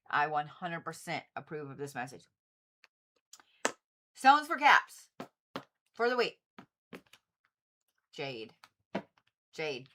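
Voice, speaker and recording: Bright-voiced woman reading cards live. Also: sits low. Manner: chatty, swears freely, talks straight to viewers. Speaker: Reiki practitioner and tarot reader. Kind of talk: casual livestream card reading.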